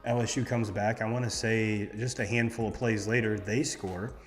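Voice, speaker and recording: A man's voice: on the low side, steady tone, normal speed, in a large hall, faint music behind. A man hosting a casual sports talk show, reading off game stats with lots of ums and restarts. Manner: rambling, reads off stats with many fillers. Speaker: sports podcast host.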